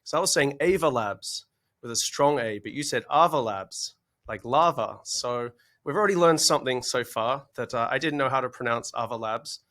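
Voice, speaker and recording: A man's voice: medium pitch, a little fast, hardly any pauses, sharp tone. A man with an Australian accent hosting an interview, friendly and joking with his guest. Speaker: podcast host. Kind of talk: conversational interview.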